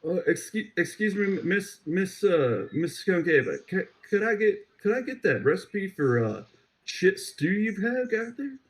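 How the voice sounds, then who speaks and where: A man's voice: high voice, very animated, breathy edge, voice pushed up, full character voice. A man putting on a fussy Southern dandy. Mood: mock-polite. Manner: halting, stammering requests. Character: fussy Southern dandy gentleman, overly polite.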